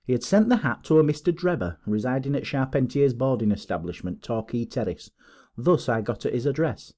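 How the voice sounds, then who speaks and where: A man voicing a pompous, boastful male police detective in an audiobook, talking in excited, self-satisfied bluster. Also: medium pitch, brisk, lightly acted.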